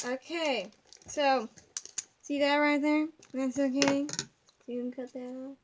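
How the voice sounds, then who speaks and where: A woman's voice: high-pitched, steady tone, slow pace, long pauses, background noise. A young woman at home giving a rambling, giggly craft tutorial that keeps drifting off topic. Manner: rambling, giggly, easily sidetracked. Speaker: craft video maker.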